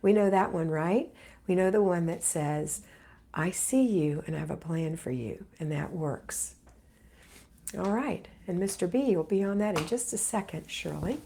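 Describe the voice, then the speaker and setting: A middle-aged woman, just recovering from an illness, hosts a live homemaking Q&A, reading viewer comments aloud and answering in an encouraging, motherly way. Her voice is lowish, warm and animated with vocal fry, a little slow, with a little hiss or hum.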